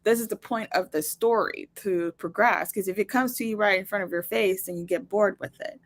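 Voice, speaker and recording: A woman's voice: mid-range voice, a little fast. A woman co-hosting a podcast, chatting casually about a TV episode and often saying "you know" and "like". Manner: conversational, fillers like "you know" and "like", acts out quoted thoughts. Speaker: podcast co-host. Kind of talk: casual chat reviewing a TV episode.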